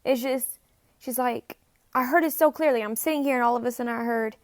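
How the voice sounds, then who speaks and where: A woman talking at home in a casual confessional monologue about a message she feels she received. She speaks haltingly, repeats phrases and sometimes drops to a near-whisper. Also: on the high side, dry recording, clean studio sound. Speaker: self-described spirit medium.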